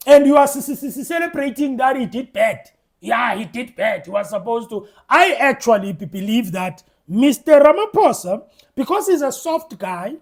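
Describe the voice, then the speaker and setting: South African man, fairly high voice, opinionated vlog commentary, stammers, talks straight to viewers. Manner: passionate, stammering, addresses viewers directly. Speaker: political commentary vlogger.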